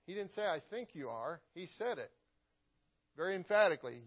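A man's voice: high-pitched, expressive, a little fast, dull audio. A man preaching a sermon as pastor, in a conversational way, often repeating words and asking for an amen.

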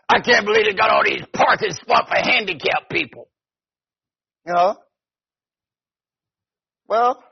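A man preaching a conversational sermon as pastor, often stopping to ask "see?". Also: high-pitched. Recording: dull lo-fi recording.

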